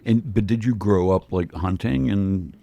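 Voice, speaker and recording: A man hosting an interview, prompting his guest with short questions and quick acknowledgments. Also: lowish voice, vocal fry, warm tone. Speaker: host. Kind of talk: conversational interview.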